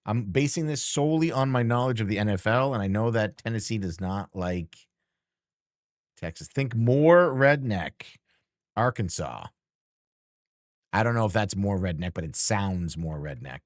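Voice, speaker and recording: A man's voice: on the low side, animated, normal speed, dry recording, studio quality. A man streamer chatting casually and teasingly with his chat while playing a game, rambling and joking.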